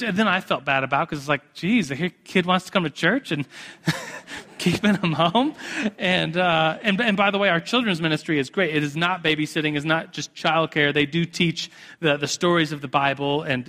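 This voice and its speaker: A man's voice: on the high side, sharp tone. A man, preaching a sermon in a casual, chatty way full of restarts. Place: church sanctuary. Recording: echoey hall.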